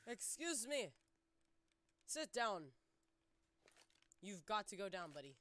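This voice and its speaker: A young woman giving excitable gameplay commentary, exclaiming and narrating her moves to viewers. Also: medium pitch, unhurried, slight background noise. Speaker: gaming YouTuber.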